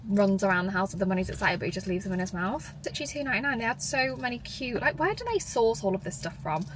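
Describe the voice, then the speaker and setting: A woman's voice: medium pitch, fairly bright tone, a little hiss or hum, poor audio. A young woman chatting casually through a haul vlog at home, full of "like" fillers. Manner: drops to a near-whisper at times. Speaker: vlogger.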